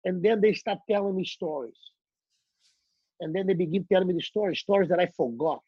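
A middle-aged man with a Brazilian Portuguese accent tells animated stories, stumbling over and repeating words as he goes. His voice is husky and a little muffled. The recording is close and dry. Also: sits high, a little fast, dry recording. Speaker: guest. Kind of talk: casual storytelling.

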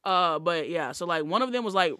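A woman comedian chatting as a podcast guest, rambling through stories with many "like"s. Her voice is bright and forward, recorded close with almost no room sound. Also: fairly low pitch, animated, brisk, clear, resonant tone, no room sound. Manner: loose, storytelling, lots of "like". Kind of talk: casual podcast chat.

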